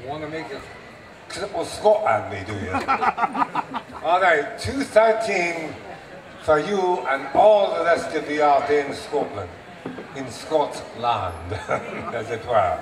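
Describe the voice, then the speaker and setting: A man performing at a renaissance faire, telling a joke to a live crowd in an animated, audience-addressing way. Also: fairly high pitch, slow. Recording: echoey open air from far mic, noisy.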